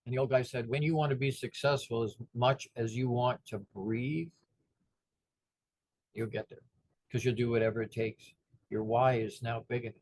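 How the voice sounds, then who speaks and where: Animated man giving a motivational talk. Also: medium pitch, moderate pace, no room sound. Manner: animated, acts out the voices of people in his stories. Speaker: motivational speaker.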